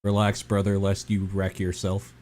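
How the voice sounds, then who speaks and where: A man voicing a blunt, gruff male half-orc warrior in a tabletop game, speaking in short, hard lines. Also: low voice, monotone, normal speed, a little mellow, natural voice.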